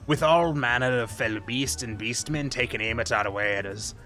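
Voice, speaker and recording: A man voicing a gruff older merchant in a rough mock pirate accent, growling his lines. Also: mid-range voice, unhurried, bright, forceful tone, soft background music. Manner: growling, stumbles over names. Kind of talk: reading game dialogue aloud in voices.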